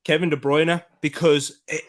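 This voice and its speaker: A man co-hosting a casual football podcast, animated and quick to laugh, often restarting his sentences. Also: a little high. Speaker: podcast co-host.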